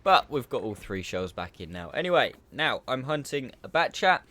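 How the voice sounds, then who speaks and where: Male gameplay commentator, casual and self-deprecating, lively intonation, faint background noise. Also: medium pitch, moderate pace. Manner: chatty, self-mocking, explains tactics.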